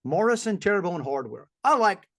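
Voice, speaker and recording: A middle-aged man co-hosts a casual podcast. His voice sits a bit high for a man. He rambles from one story to the next and slips into voices for the people he met. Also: big pitch swings, a little fast, a bit bright. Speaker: podcast co-host. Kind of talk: casual chat.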